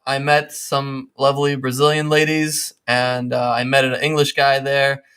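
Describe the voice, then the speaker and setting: Bright-voiced male podcast host. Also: mid-range voice, normal speed, clear, resonant tone. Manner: lively, animated storytelling with playful asides. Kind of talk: casual podcast chat.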